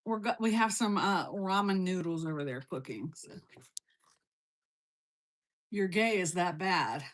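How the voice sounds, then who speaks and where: A woman's voice: fairly low pitch, measured pace. A woman hosting a casual cooking livestream from her kitchen, reading out viewer comments and answering them in a blunt, teasing, playful way. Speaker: livestream host.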